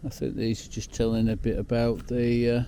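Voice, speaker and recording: A man's voice: mid-range voice, little pitch movement, a little fast, mellow, slight background noise. A man talking casually to camera outdoors on a travel vlog, rambling and emotional, with the odd swear word. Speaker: overland travel vlogger. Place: outdoors at the end of a road.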